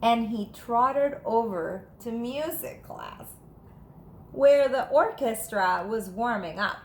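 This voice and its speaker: A woman teacher reads a children's picture book aloud in an animated, playful way. She takes her time, and her pitch rises and falls a great deal. The room is echoey, with faint noise behind her. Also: takes it slowly. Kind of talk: children's storybook read-aloud.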